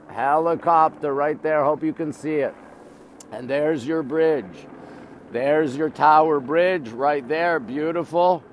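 American man, higher voice, phone-streamed walking tour, chatty host greeting viewers outdoors. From United States. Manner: chatty, greets viewers, urges them to stay. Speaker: livestream vlogger. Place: outdoors on a city riverside street. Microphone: phone held while walking.

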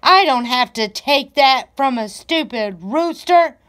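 A woman's voice: sits high, lively intonation, slow, a bit bright, voice pushed up, full character voice. A woman voicing an indignant, proud adult male horse in a children's storybook reading, huffy and offended.

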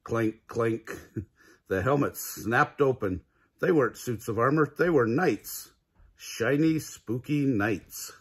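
A man's voice: mid-range voice, slow pace, slightly rough. An older man reading a children's picture book aloud, chuckling often between lines. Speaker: grandfather reading to kids.

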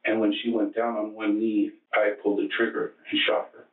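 A man suspected of murder answers police questions in a low monotone, his testimony halting and matter-of-fact, with many restarts. He is recorded from a distance, across the room, on an archive tape that sounds tinny and echoey.

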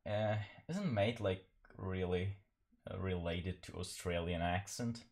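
A man's voice: deep voice, takes it slowly, gravelly, darkish tone. A man chatting casually while painting on a live stream, rambling and self-deprecating, laughing often.

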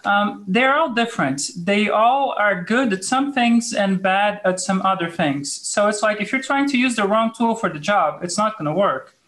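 A woman's voice: medium pitch, animated, normal speed, hardly any pauses, a bit bright, poor audio. Woman explaining loosely with fillers. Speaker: panel guest, conference speaker. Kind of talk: casual technical explanation. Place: remote video call.

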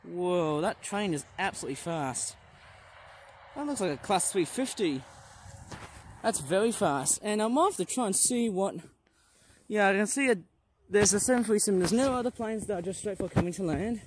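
A man's voice: sits high, lively intonation, a little fast, slight background noise, low-quality recording. A man from Malaysia casually narrating a plane spotting vlog outdoors, rambling and commenting on passing trains and planes into a handheld camera. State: out of breath. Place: outdoors near a railway and airfield.

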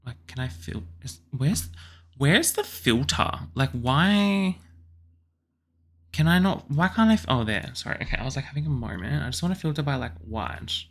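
A young Australian man chatting casually and excitedly as he builds a house in a video game, with lots of apologetic asides. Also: medium pitch, moderate pace. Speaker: YouTuber building houses in a life-sim game. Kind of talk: casual gameplay commentary.

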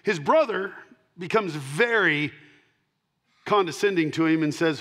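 Speaking as a pastor to his flock, a middle-aged man preaches with a voice pitched a little above the typical male range. Emphatic and expressive at a measured pace, he swings from loud declarations to soft asides and drives home key lines by repeating them.

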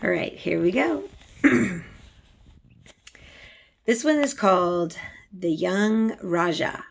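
A woman teacher reads a novel aloud to her students, telling the story in an animated, dramatic way. Her voice sits fairly low for a woman. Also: slow pace, gravelly, long pauses.

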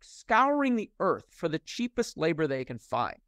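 A middle-aged man with a fairly high voice talks as a guest in an interview. He explains things at length and works through his points with restarts and fillers. The sound is dry and close, with no room echo. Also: huge pitch swings, moderate pace, fairly bright tone. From United States. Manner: thoughtful, many restarts and fillers. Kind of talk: conversational interview.

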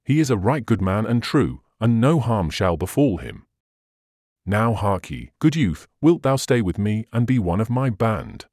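A man giving voice to a bold, merry outlaw chief who boasts in old-fashioned speech. The voice sits low and swings lively through each line, read close and dry like a storybook recording. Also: unhurried, no room sound. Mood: hearty. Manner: archaic hearty speech, laughing boasts. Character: merry bold male outlaw leader, hearty.

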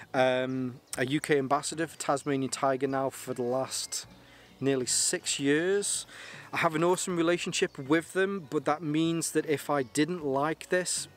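Chatty man reviewing gear outdoors. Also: a little high. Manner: chatty, rambling, repeats words when restarting. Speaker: gear reviewer and brand ambassador. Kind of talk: casual product review to camera.

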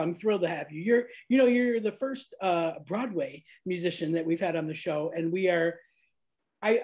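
A woman's voice: lowish voice, a little mellow. A woman from Florida in her fifties with an American accent, hosting a podcast in a chatty way, laughing often. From Florida, USA. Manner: chatty and laughing, with many restarts. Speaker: podcast host. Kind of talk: casual interview chat.

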